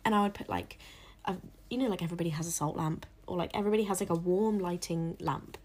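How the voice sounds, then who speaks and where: A woman's voice: lowish voice, fast talker, a little mellow. A young woman, chatting casually to camera in a rambling, self-deprecating way, often dropping into whispered asides. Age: young adult. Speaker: vlogger.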